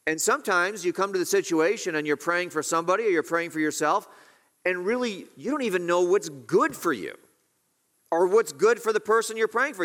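Male pastor, sermon delivery, earnest, pitched a bit high. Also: fairly bright tone. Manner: earnest, rising on questions, slowing to stress key words.

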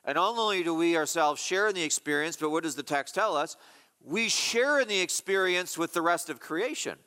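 A man preaching an expository sermon as a pastor, emphatic and repeating key phrases slowly. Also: on the high side, animated, pushed and bright, clean tone, big-room sound.

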